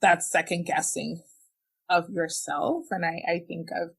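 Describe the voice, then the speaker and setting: A woman's voice: on the low side, steady tone, unhurried, vocal fry, slightly rough. A young woman, a podcast guest, frankly and emotionally recounting a personal experience, with many "like"s and "you know"s. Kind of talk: candid personal storytelling.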